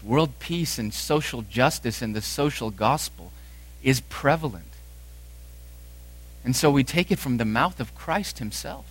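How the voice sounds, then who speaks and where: A man preaching a sermon, emphatic, repeating lines for force, swinging from loud to hushed. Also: medium pitch, slightly rough. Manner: emphatic preaching with dramatic swings in loudness and repetition. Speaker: pastor.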